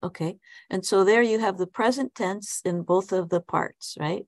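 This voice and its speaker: Creaky-voiced woman teaching a class. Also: medium pitch, normal speed, dry recording, studio quality. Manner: upbeat, asks students by name. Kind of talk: online class lesson.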